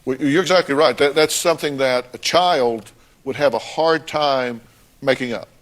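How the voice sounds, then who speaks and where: A man's voice: mid-range voice, moderate pace. A man hosting a talk show, pressing a guest with blunt repeated questions and narrating segments. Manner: insistent, repeats pointed questions.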